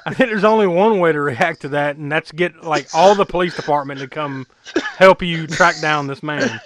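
Guy rambling thru a movie recap, laughing a lot, kinda high voice, dry sound. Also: normal speed, a bit bright, no room sound. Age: adult who was eight or nine when the film was new. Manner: rambling, laughs often, many fillers. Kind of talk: casual movie recap chat.

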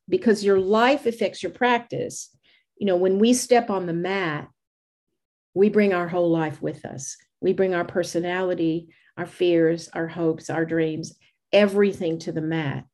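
An older woman with a Southern American accent, speaking slowly and thoughtfully as an interview guest. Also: lowish voice, a little mellow. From United States. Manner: measured, slow, thoughtful delivery. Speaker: yoga teacher, interview guest. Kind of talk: reflective conversational interview.

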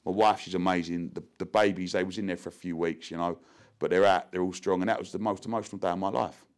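Animated man telling a story. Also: low-pitched. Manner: animated, repeats words, rushed in tense moments. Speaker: interview guest. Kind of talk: emotional storytelling.

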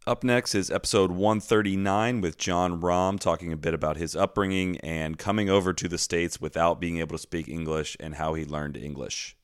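A man's voice: low voice, steady tone, normal speed, few pauses, clear, resonant tone, no room sound, clean studio sound. A man hosting a podcast who introduces clips in a plain, matter-of-fact way. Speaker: podcast host.

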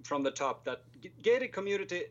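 A man's voice: high-pitched, sing-song, fairly quick, muffled recording. A man in his twenties with a Swedish accent, a filmmaker guest talking hesitantly and wryly, poking fun at himself. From Sweden. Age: 20s. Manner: self-deprecating, hesitant, wry. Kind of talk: casual interview chat.

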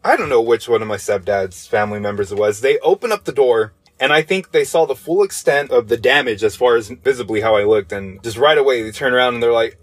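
A man's voice: mid-range voice, lively intonation, fairly quick, few pauses, breathy edge, no echo. A male podcast host telling a story from his past in a casual, profane, jokey way, exaggerating for laughs.

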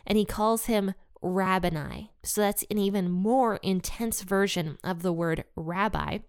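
Smooth-voiced woman teaching a Bible lesson. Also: medium pitch, unhurried, dry recording, clean studio sound. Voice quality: conversational, chatty, with many asides. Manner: retells the story in her own words, acting out voices.

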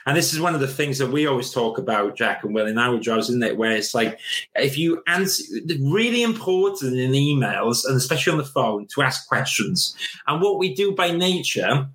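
A young man co-hosting a casual chat show, giving career advice and acting out little scenes in a raised voice. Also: moderate pace. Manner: animated, acts out little scenes in a higher voice.

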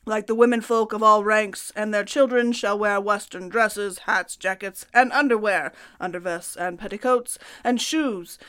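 A woman putting on a mock Russian accent to read out an imperial decree in a slow, declaiming manner. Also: mid-range voice, fairly even intonation, fairly bright tone, clean tone, lightly acted. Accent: put-on Russian.

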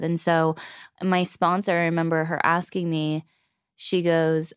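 Woman, lowish voice, smooth and clear, dry close mic; earnest podcast host, open and animated. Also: unhurried, no room sound. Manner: earnest, open, animated when retelling talks. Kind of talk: candid conversational interview.

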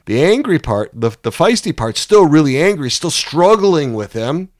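A man's voice: a little high, sing-song, moderate pace, dry recording, clean studio sound. A man teaching through a case story. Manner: storytelling, often checks in with "right?". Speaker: psychotherapy teacher.

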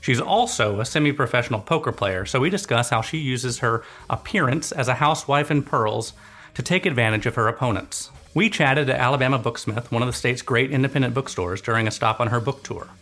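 A man hosting an interview podcast, talking in a relaxed way with many "uh" fillers. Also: mid-range voice, a little fast, echoey room. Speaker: podcast host. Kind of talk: interview podcast with scripted intro.

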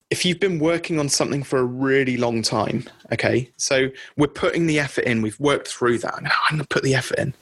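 A man's voice: on the high side, a bit bright, slightly rough, no room sound. A middle-aged man coaching business owners on a group call, in a conversational way that keeps checking in with the listeners. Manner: conversational, often checks in with "okay?".

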